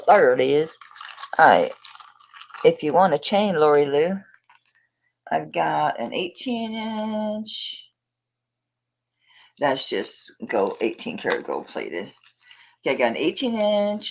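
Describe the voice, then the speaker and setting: Chatty Southern woman with a lively voice. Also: on the low side, slight background noise, low-quality recording. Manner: chatty and affectionate, calls viewers baby. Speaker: live jewelry auction host. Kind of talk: casual livestream chat.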